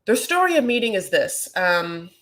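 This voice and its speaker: A woman's voice: medium pitch, big pitch swings, moderate pace, a bit bright. A woman hosting a reality TV recap, chatting casually in a gossipy, rambling way full of fillers. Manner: gossipy, rambling, lots of "like" and "you know".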